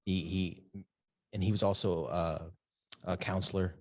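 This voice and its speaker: A man hosting a relaxed business chat, his voice quite low. He rambles casually, leaning on fillers and checking in with the listener. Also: unhurried, dry recording, clean studio sound. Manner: filler-heavy, relaxed, "you know what I mean". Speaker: podcast host, business owner.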